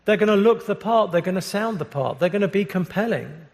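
A British man preaching a sermon as pastor, earnest and measured, often restarting his phrases. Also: high-pitched, expressive, creaky, darkish tone. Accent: British English. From Britain. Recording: long reverb of a large hall.

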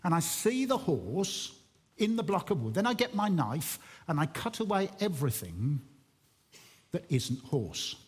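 A man's voice: fairly high pitch, very animated, unhurried, breathy edge, heavily acted. A man voicing a plain-spoken sculptor who explains his craft in a breezy, matter-of-fact way. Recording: echoey hall reverb.

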